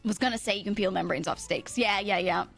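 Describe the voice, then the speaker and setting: A woman's voice: medium pitch, fast, creaky, fairly bright tone, faint music behind. A woman streamer telling a rambling story in casual chat, swearing freely, often laughing and correcting herself.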